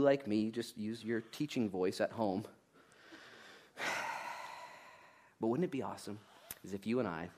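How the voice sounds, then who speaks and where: A man in his thirties preaching a sermon, jokey and animated, swinging between loud bursts and quiet asides. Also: lowish voice. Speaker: pastor.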